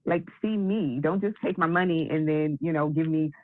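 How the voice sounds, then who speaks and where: A woman's voice: sits low, normal speed, no echo. A woman in a group call, earnestly describing what she values in the program. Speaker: program participant. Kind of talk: group video call chat. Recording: phone-like line.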